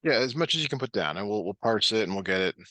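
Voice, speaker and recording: A man's voice: on the low side, expressive, fast, bright, forceful tone, no room sound. A man tutoring a student online, patient and encouraging, with many fillers.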